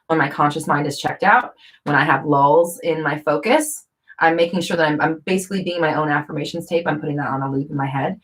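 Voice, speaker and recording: A woman's voice: deep voice, a bit bright. A woman vlogger talking casually to camera, rambling with fillers and self-corrections.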